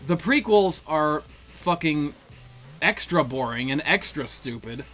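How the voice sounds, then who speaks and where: Young male co-host, sarcastic, profane joker, lively. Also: fairly high pitch, measured pace, faint music behind. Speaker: co-host playing a fighting game. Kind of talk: casual chat over gameplay.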